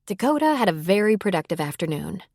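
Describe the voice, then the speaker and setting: A woman narrating a romance audiobook in an even, unhurried way. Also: mid-range voice, gravelly, no echo, clean studio sound. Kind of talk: scripted narration.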